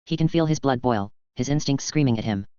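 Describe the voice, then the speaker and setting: A man narrating a fan-fiction audiobook in an even, plain reading voice. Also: medium pitch, a little fast, smooth, no room sound. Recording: dull, dry lo-fi sound.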